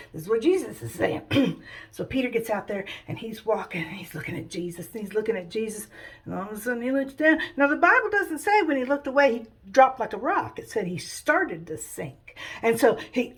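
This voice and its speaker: Chatty woman with a higher voice, rambling through a comic Bible retelling. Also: sing-song, fairly quick. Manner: rambling, chatty, many fillers. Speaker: storyteller.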